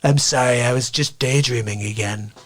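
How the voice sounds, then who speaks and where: A man's voice: mid-range voice, moderate pace, close to an everyday voice. A man doing a comedic impression of a boastful older male politician, gloating in clipped, bragging phrases on a live stream. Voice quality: clipped, bragging catchphrase delivery.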